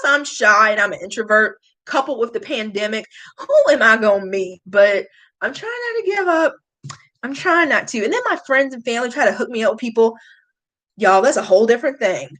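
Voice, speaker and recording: Woman, thirties, confiding and emotional, high lively voice. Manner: emotional, confiding, sighing often. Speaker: beauty vlogger. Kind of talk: casual chat reading live comments.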